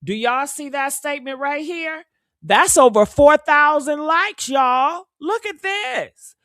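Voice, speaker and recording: Sassy, blunt woman commentator, slightly high. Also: animated, takes it slowly, fairly bright tone, no echo, clean studio sound. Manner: sassy, blunt, profane, preachy. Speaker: commentary host. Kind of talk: reaction commentary.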